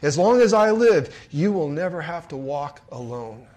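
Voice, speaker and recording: A man voicing a loving father who comforts his daughter, first soft and slow, then firm. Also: a little high, sing-song. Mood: resolute.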